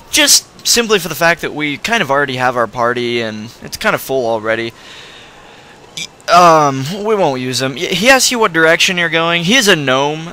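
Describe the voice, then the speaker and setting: Bright-voiced rambling gaming commentator. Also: male voice, medium pitch. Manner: rambling, chatty, with restarts and self-corrections. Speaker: video game player. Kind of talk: let's play commentary.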